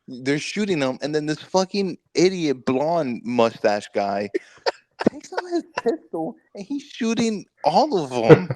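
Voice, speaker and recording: A man on a movie review podcast, retelling the plot in an animated, profane way with quick mock quotes. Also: mid-range voice, no room sound, studio quality. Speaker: podcast co-host. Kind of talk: casual movie review chat.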